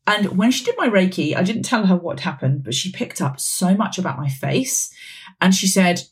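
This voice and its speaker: A woman's voice: lowish voice, lively intonation, a little fast. A woman around forty, hosting a wellness podcast in a chatty, rambling way with frequent laughs. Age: 40s. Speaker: podcast host. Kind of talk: casual wellness podcast chat.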